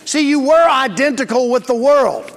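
A man with a strikingly high voice preaches to his congregation, emphatic and plain-spoken. He calls out for responses and leans into key words. The sound carries the long reverb of a large church sanctuary. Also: animated, normal speed. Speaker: pastor. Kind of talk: sermon.

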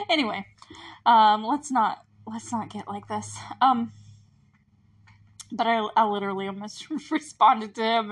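A woman's voice: medium pitch, fairly bright tone. A young woman hosting a podcast, chatting casually and giggling as she rewatches and comments on a show. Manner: chatty and giggly, many fillers. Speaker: podcast host.

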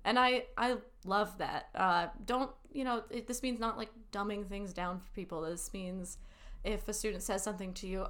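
A woman's voice: medium pitch, fairly even intonation, moderate pace, a bit bright. A woman teaching assistant with an improv background, talking expressively and laughing easily in a casual interview.

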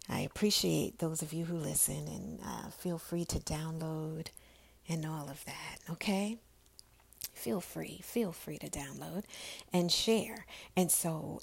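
A woman hosting a devotional podcast, speaking softly and often in a breathy half-whisper, recorded on an earphone mic. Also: sits low. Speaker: podcast host.

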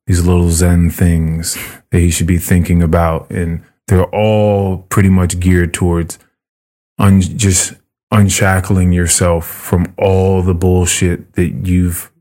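A low-voiced man hosting a relaxed podcast. He tells stories with loose, swearing energy. When he quotes people, his voice jumps well up in pitch. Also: takes it slowly. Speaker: podcast host. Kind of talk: casual chat.

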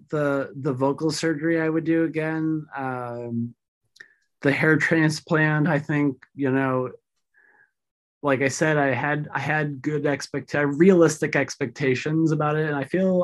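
Deep-voiced woman chatting candidly. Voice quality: deep feminine voice. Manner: candid, frank, swears casually. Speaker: podcast guest. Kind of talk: casual chat.

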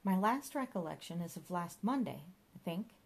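A woman voicing a puzzled young man who is confused and questioning, with lively pitch. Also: moderate pace, creaky. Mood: bewildered. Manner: bewildered, questioning.

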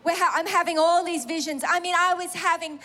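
A middle-aged woman telling a personal testimony in a sermon, animated and self-mocking, laughing through emotional moments. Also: very high voice, brisk. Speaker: preacher sharing a testimony.

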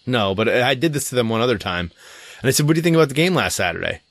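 A man's voice: medium pitch, very fast, dry recording. A man who coaches girls' soccer, chatting casually and laughing as he tells stories about his team. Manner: laughing, animated storyteller. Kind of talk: casual chat.

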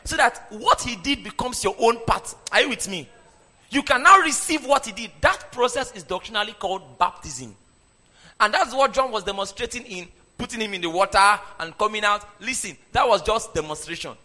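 A pastor whose voice sits high preaches at a moderate pace in an echoing hall with long reverb. He's animated, and his congregation repeats his lines back in call-and-response.

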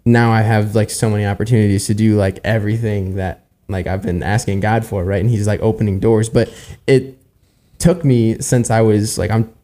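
Young man in his twenties, low voice, mellow dark tone, earnest and rambling. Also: steady tone, moderate pace, hardly any pauses. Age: 20s. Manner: earnest, rambling, tags lines with "right?". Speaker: church worship musician on panel. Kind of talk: casual church discussion.

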